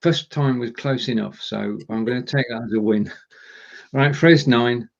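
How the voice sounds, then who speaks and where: A man co-hosts a relaxed online language lesson, trying German phrases and joking at his own slips. His voice sits at a middle pitch. The sound is dull and lo-fi. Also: unhurried, creaky. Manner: jokey, stumbling through German phrases. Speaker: co-host and learner. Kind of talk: casual live language lesson.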